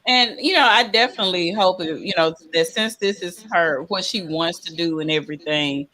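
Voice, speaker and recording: A woman's voice: lowish voice, normal speed, sharp tone, a little hiss or hum. A middle-aged woman rambling and hesitating as she chats casually in a group recap. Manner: rambling, hesitant, laughs often.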